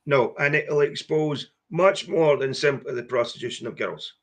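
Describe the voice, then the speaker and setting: A Scottish man, a guest politician, talking in a political interview over a video call, hesitant and halting with repeated words. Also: a little high, a bit bright. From Scotland.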